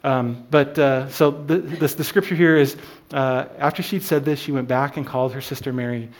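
A man's voice: mid-range voice, steady tone, moderate pace. A man leading an informal Bible study, talking through a passage with many fillers and restarts.

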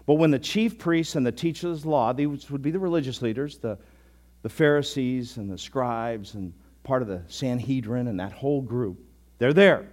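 A pastor preaching a sermon in a conversational, animated way with sudden bursts of emphasis. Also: male voice, mid-range voice, normal speed.

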